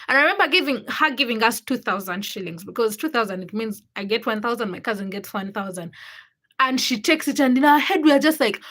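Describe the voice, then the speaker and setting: A young adult woman talks casually to her livestream viewers. She tells childhood stories in an animated way, acting out the people in them. Her voice sits a little high and has a bright, forceful edge. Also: fairly quick. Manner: animated storytelling, acts out quotes with laughter. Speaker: livestream host.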